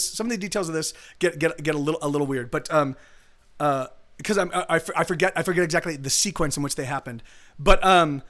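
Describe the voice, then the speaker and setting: A man's voice: on the high side, fairly bright tone. A young man hosting a livestream, telling a long story casually, with many restarts and quoted lines. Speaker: livestream host. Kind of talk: casual chat.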